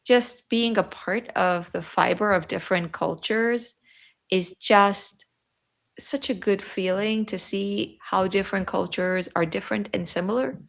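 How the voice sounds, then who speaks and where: Woman, Yiddish accent, podcast guest, talkative, cuts herself off mid-thought, middling pitch. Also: fairly even intonation, unhurried, creaky. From New York, USA. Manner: chatty, interrupts herself mid-sentence. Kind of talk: podcast conversation.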